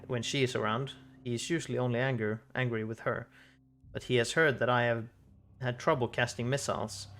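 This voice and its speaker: A man's voice: medium pitch, a bit bright, a little hiss or hum, lightly acted. A man reading a troubled young elf wizard. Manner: reading game dialogue aloud.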